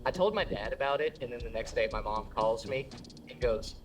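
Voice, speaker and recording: A man's voice: mid-range voice, fairly quick, poor audio. A male stand-up comedian telling a story and acting out each character. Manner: animated, acts out every character.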